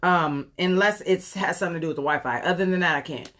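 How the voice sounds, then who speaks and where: Chatty woman in her forties, lower voice. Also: quick pace, a bit bright. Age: 40s. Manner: chatty and rambling, talks to viewers, many ums. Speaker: beauty vlogger doing a live makeup tutorial. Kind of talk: casual live-stream chat. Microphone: phone camera.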